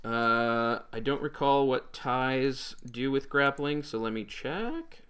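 A man running a tabletop game as dungeon master, talking haltingly with many filler words. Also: medium pitch, sing-song, fairly bright tone, a little hiss or hum.

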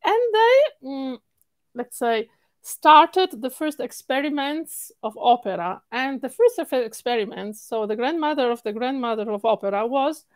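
A woman with an Italian accent, a singing coach answering interview questions in an animated way, repeating words for stress and laughing often. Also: high-pitched, moderate pace, no echo.

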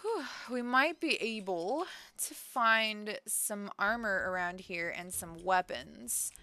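A woman streaming a video game, chatting casually, laughing often and reacting excitedly to what she finds. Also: mid-range voice, takes it slowly. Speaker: gaming streamer. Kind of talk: casual let's-play commentary.

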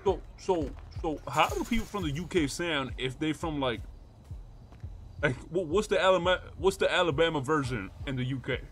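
A man's voice: fairly high pitch, lively intonation, moderate pace. An American man streaming a roleplay game, chatting casually with heavy slang and a lot of swearing. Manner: slangy, swears a lot, asks many questions.

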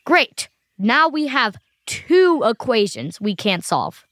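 A woman's voice: on the high side, very animated, takes it slowly, fairly bright tone, no echo, clean studio sound, full character voice. A woman voicing Max, a cheeky, impatient kid adventurer in a children's audio drama. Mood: playful. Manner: wisecracking, impatient.

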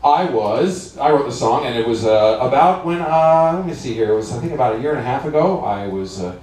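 A man's voice: medium pitch, lively intonation, a little fast, a little mellow, a little hiss or hum. A male musician telling a wry, rambling story on stage between songs at a concert. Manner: wry, rambling anecdotal delivery. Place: concert venue. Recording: echoey hall from far off.

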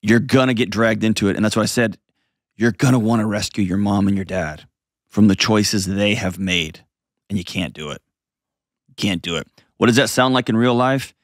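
A man's voice: fairly low pitch, fairly even intonation, brisk, no room sound, studio quality. Blunt male advice host. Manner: blunt, emphatic, repeats phrases for weight. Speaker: host giving advice to a caller. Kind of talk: advice call-in show.

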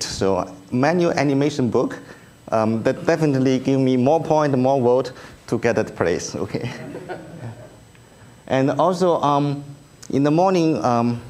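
A man with a Chinese accent, whose first language is Chinese, giving a conference talk with slides in a halting way, full of ums and uhs and light self-deprecating humor. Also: medium pitch, a little mellow. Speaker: speaker at an engineering research review. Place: conference room.

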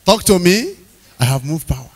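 A man preaching an evening sermon, emphatic, repeating key phrases, questioning the congregation and bursting into loud shouted lines. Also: high-pitched, very animated, moderate pace.

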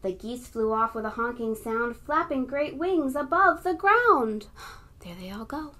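A librarian reading a picture book aloud to young children and leading them in a game. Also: female voice, on the high side, expressive, unhurried. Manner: warm, encouraging, talks to young kids.

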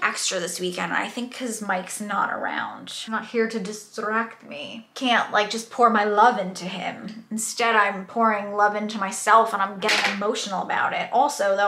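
A woman's voice: a little high, sharp tone, reverberant. A young woman rambling candidly as she does her makeup in a casual get-ready-with-me chat. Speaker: beauty vlogger.

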